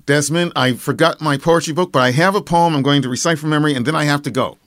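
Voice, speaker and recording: Expressive Nova Scotian man, dry studio sound. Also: on the high side, no room sound. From Nova Scotia, Canada. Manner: expressive, savoring words, slow dramatic recitation. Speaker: poet and guest. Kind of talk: interview answers and recited poetry. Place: radio studio. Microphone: studio microphone.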